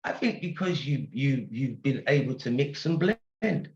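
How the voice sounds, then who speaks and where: A man's voice: medium pitch, expressive, measured pace. A man in his sixties with an English accent, a guest telling stories animatedly in a casual interview, laughing often. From England. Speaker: guest singer. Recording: roomy, dull-sounding audio.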